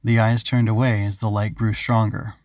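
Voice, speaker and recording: A man narrating his own children's story as an audiobook, in a calm, even storytelling manner. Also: on the low side, normal speed, no room sound, clean studio sound. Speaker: author and narrator.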